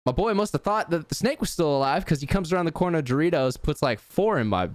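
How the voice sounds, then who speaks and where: A man's voice: a little high, expressive, fast talker, no room sound. A young man hosting a podcast in casual chat, laid-back, laughing easily and swearing freely. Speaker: podcast host.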